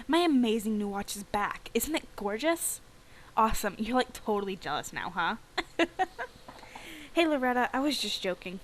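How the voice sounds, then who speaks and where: Woman putting on bubbly teen girl, valley-girl gush, high squeals, show-off. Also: lightly acted, poor audio.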